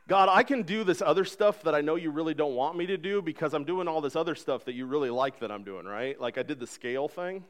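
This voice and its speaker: A man in his thirties preaching a sermon, earnest and conversational, acting out voices in the stories he tells. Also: on the high side. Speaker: pastor.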